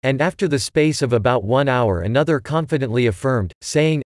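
Man reading scripture, steady and measured. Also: mid-range voice, dry recording, clean studio sound. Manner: steady, measured, unhurried phrasing. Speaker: scripture reader.

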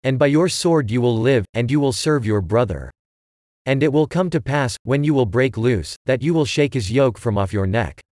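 A man's voice: mid-range voice, expressive, a little mellow, no room sound, studio quality, lightly acted. A man reading as Isaac, an aged blind father. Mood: solemn. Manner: measured, solemn scripture reading. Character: aged blind father giving a solemn blessing.

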